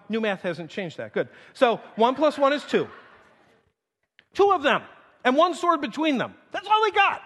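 Lively high-voiced preacher in a reverberant hall. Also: male voice. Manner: animated, humorous, acts out scripture quotes. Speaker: pastor. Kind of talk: sermon. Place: church sanctuary. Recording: long reverb of a large hall.

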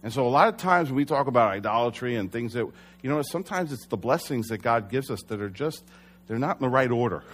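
A man's voice: mid-range voice, lively intonation, fast, a bit bright. A young adult man preaching a sermon as pastor, earnest and conversational, sometimes correcting himself.

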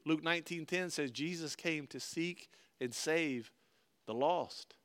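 A man's voice: on the high side, measured pace, a bit bright. A male preacher giving a sermon, reading scripture aloud and then explaining it in an earnest, conversational way.

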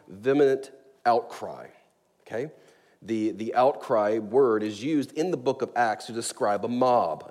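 A man preaching a sermon as a pastor, earnest and emphatic, slowing down to stress key words. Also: mid-range voice, mellow. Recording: long reverb of a large hall.

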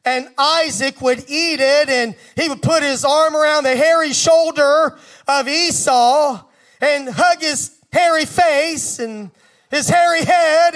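Slow high-voiced male preacher. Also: a bit bright. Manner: storytelling with emphatic repetition. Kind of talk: sermon.

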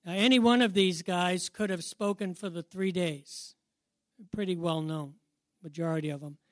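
A man's voice: sits high, fairly even intonation, normal speed, no echo, clean studio sound. A middle-aged man preaching a sermon in a conversational way, asking the audience questions and chuckling at his own stories.

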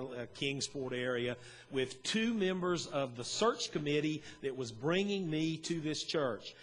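A middle-aged pastor preaching a sermon in a folksy, storytelling way, chuckling now and then. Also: male voice, fairly high pitch, fairly bright tone. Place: church sanctuary. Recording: long church hall reverb.

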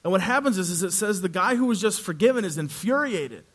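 Animated preaching man, slightly high voice. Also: quick pace. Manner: animated storytelling, acting out voices with swings in loudness. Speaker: pastor. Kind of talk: sermon.

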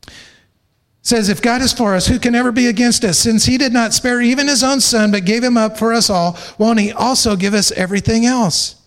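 Man, pastor, sermon, high-pitched, emphatic, repetitive for stress, light jokes. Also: a little fast. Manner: emphatic, repeats phrases for stress.

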